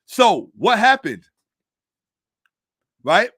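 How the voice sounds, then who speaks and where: Middle-aged male host, high pitch, emphatic storyteller, dry close sound. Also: sing-song, a bit bright, slightly rough, dry recording. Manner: emphatic, drawn-out stresses, storytelling. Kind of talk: casual monologue commentary.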